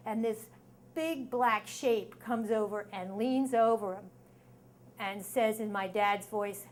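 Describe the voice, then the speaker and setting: A woman's voice: fairly high pitch, measured pace, a little hiss or hum. A middle-aged woman telling a story on stage before a live audience, acting out the voices in it with sudden screams. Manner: lively, acts out quoted voices with sudden screams.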